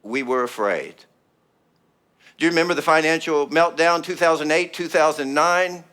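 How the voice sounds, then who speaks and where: A middle-aged male pastor preaching with emphatic, rhythmic repetition. His speaking voice sits a little higher than most men's, and he presses each phrase home. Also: moderate pace, fairly bright tone, clean tone. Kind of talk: sermon.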